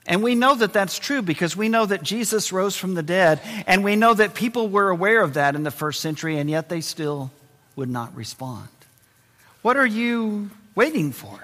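A man preaching a sermon, lively and expressive, dropping to a low, quiet voice to stress key points. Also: long reverb tail. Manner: expressive preaching, drops to a low hush for emphasis. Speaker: pastor.

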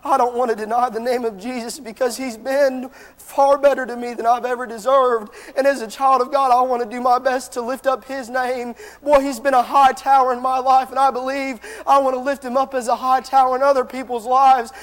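High-pitched fervent male preacher in a hall. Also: level tone, a little fast. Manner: fervent, impassioned preaching to the congregation. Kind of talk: sermon.

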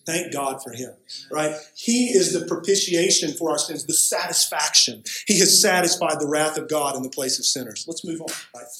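A man's voice: a little high, normal speed, pushed and bright, roomy sound, a little hiss or hum, rough recording. A male pastor delivering a sermon, emphatic, often checking in with "right?". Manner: emphatic preaching with frequent "right?" asides.

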